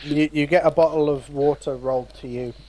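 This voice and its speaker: Halting man running a tabletop game. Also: on the high side, steady tone, darkish tone, a little hiss or hum. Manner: halting, with many fillers and restarts. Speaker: game master.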